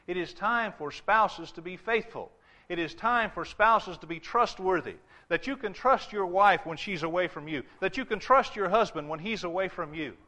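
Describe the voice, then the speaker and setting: Bright-voiced preacher man, emphatic sermon. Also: sits high. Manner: emphatic, repeats phrases, reads scripture slowly.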